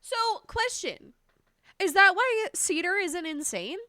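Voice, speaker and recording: Woman, live streamer, casual chat, high voice, dry close sound, talkative and scattered. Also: big pitch swings, slow pace, bright, forceful tone, no echo. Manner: chatty and scattered, thanking viewers, mild swearing.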